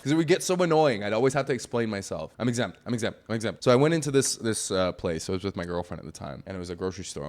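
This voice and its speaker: A man hosting a reaction video, ranting bluntly and profanely in casual chat. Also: fairly low pitch. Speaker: reaction channel host. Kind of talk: casual rant over a reaction clip.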